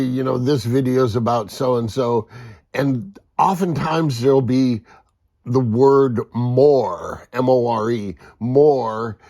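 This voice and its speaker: A man casually talking through his model boat projects in his home workshop, unhurried and rambling, with a self-deprecating humor. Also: mid-range voice, creaky, a little mellow, no room sound, studio quality. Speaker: model boat hobbyist vlogger.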